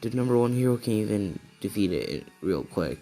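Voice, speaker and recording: A blunt, pushy teenage girl archer, spoken by a man in his own low voice. Her lines come out plain and deadpan, with faint music behind. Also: moderate pace. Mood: insistent.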